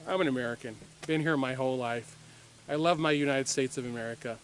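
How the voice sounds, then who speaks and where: A man's voice: mid-range voice, fast, slight background noise. A middle-aged man from Puerto Rico telling a personal story to camera in a rambling, reflective way, with many fillers and restarts. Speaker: firearms training company owner.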